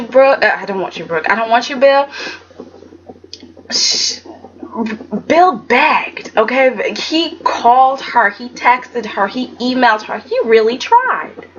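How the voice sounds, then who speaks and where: A woman's voice: sits high, fairly bright tone, muffled recording, slight background noise. A woman giving a casual, emphatic recap of a soap opera episode, often checking in with "okay?" and restarting her sentences.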